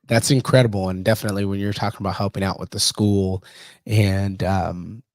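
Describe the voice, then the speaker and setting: Speaking a little fast in a low, slightly mellow voice with fairly even intonation, a man hosts a podcast, swapping stories in casual chat with lots of profanity and laughing. The studio sound is clean, without room sound.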